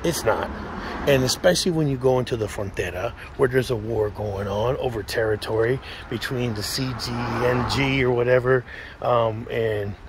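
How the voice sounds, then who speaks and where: A man talks bluntly and profanely in a casual outdoor monologue, stumbling over restarts and acting out quoted asides. His voice sits at an ordinary middle pitch. Faint street and traffic noise runs behind him. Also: normal speed. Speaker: vlogger telling his own story.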